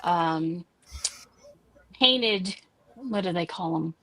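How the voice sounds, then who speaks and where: A woman podcast host rambles casually about her crafts and home life over a video call, telling her stories in an unhurried way. Her voice is lowish and bright, with a forceful tone.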